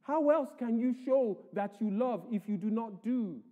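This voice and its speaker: A man's voice: extremely high pitch, lively intonation, unhurried, narrow, tinny audio. A man preaching a sermon as pastor, emphatic, reading scripture aloud to the church. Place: church hall. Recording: echoey church hall.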